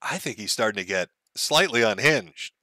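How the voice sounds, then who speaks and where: A man's voice: on the low side, lively intonation, normal speed, pushed and bright, dry recording. Man mocking clips on a livestream. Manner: sarcastic, laughing, profane. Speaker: streamer host.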